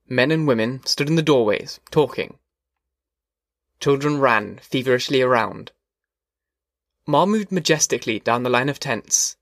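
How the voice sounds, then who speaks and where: A man reading a novel aloud as an audiobook narrator, measured and steady. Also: medium pitch, no room sound, studio quality.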